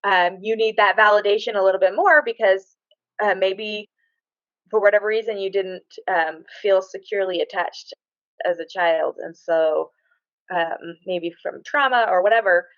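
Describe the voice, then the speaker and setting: A woman's voice: medium pitch, moderate pace, a bit bright, no echo, highs cut off. A woman in a casual book club discussion, talking chattily with many fillers and restarts.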